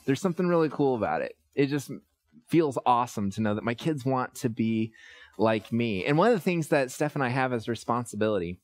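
Pastor, male, 30s, relaxed storytelling sermon, mid pitch, lots of "uh"s. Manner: conversational, storytelling with many fillers.

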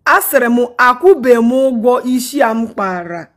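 A woman's voice: a little high, lively intonation, normal speed. A woman in a comedy phone skit, insistently repeating her request to be paid. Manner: insistent, repeats herself, laughs. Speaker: caller asking to be paid.

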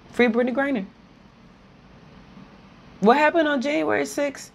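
A woman's voice: sits high, moderate pace, creaky. A woman delivering an impassioned political rant to camera, blunt and profane, repeating slogans and breaking into nervous laughs. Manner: repeats slogans and rises to near-shouting when heated. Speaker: video commentator.

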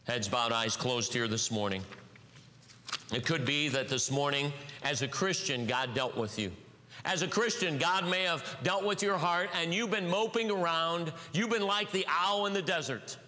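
A man preaching a sermon in a church, telling a story and dropping low and quiet at the ends of phrases before rising again. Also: moderate pace. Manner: storytelling, swings from hushed lows to raised highs. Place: church sanctuary. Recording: long hall reverb.

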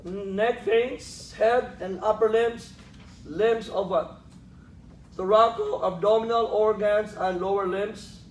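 This man lectures slowly in a high voice with fairly even intonation. He mixes in questions for the students and jokes he laughs at himself, and the room is echoey with faint noise.

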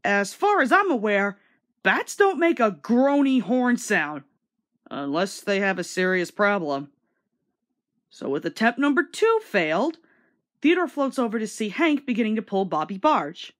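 A woman's voice: medium pitch, big pitch swings, a little slow. Wisecracking woman doing commentary. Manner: sarcastic, wisecracking. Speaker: commentary host. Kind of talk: casual video commentary.

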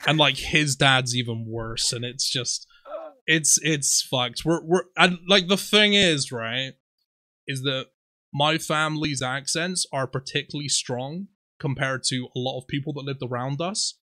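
Unhurried in a mid-range voice, a Somerset-born podcast co-host in his twenties tells lively stories in a West Country accent, cursing freely and often laughing. The sound is dry, clean studio audio.

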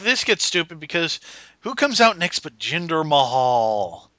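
A man co-hosts a casual podcast and tosses off curt, dismissive remarks. His voice is very bright and lively in pitch. The sound is dry and close. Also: a little slow, no echo. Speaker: podcast co-host. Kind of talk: casual chat.

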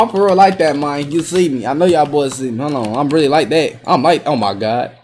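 A young man giving excitable, trash-talking commentary while playing a basketball video game, swinging between low mutters and sudden yelps. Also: fairly quick, few pauses, a little hiss or hum. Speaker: gaming YouTuber. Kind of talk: live gameplay commentary.

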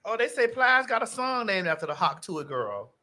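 A woman podcast host in casual chat, loud and emphatic, repeating phrases for effect. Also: mid-range voice, sing-song, normal speed.

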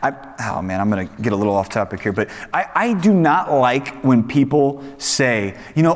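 A man teaching a young adults Bible study in a casual, conversational sermon style, animated and acting out quoted voices. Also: mid-range voice, normal speed, few pauses. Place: church hall. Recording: echoey hall reverb.

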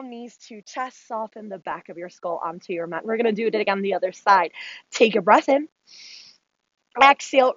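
A woman with a high voice leads a yoga class, giving calm, steady cues between breaths. The sound is dry and slightly dull. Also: no echo. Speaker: yoga instructor. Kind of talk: guided yoga class instruction.

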